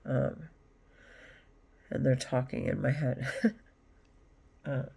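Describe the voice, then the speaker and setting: A woman vlogging alone, rambling in a halting way with sighs and nervous laughs. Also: a bass voice, fairly even intonation, vocal fry, noisy background. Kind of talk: rambling monologue to camera.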